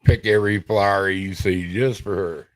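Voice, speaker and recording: A man's voice: low-pitched, fairly even intonation, normal speed, no room sound. A middle-aged man, telling rambling family stories in casual stop-start chat on a podcast. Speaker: podcast co-host.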